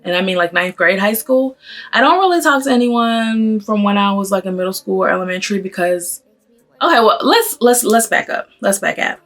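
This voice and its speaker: A woman's voice: mid-range voice, lively intonation, fairly bright tone. Chatty woman with a mixed Northern-Southern US accent. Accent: mix of Northern US and Southern US. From Pennsylvania, raised in Atlanta. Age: 30s. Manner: fast, rambling talk, stumbles over words. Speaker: beauty vlogger. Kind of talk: casual get-ready-with-me chat. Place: at home doing makeup.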